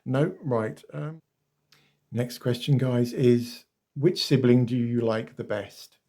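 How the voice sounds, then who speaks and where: A man with an English accent, chatting casually to his viewers in a vlog question-and-answer session. He talks warmly and directly to the camera, laughs often and pokes fun at himself. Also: medium pitch, fairly even intonation, takes it slowly. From England. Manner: chatty, often calls viewers "guys" and "beautiful ones"; laughs often, self-deprecating. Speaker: YouTuber. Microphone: phone.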